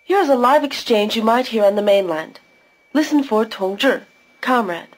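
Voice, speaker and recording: A woman's voice: on the high side, lively intonation, moderate pace, low-quality recording. A woman giving scripted narration for a language course, patiently explaining pronunciation step by step.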